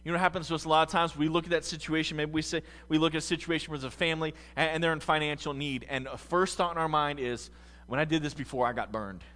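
A man from the United States preaching a sermon as pastor, swinging from quiet musing to loud, fervent passages. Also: a little high, little pitch movement, quick pace, hardly any pauses, long reverb tail.

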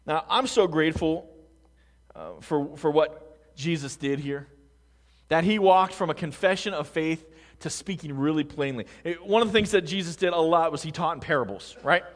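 A man preaching a sermon to a congregation, talking conversationally with rhetorical questions and swinging between hushed words and loud emphasis. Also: a little high, moderate pace. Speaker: pastor. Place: large room with a congregation. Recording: long hall reverb.

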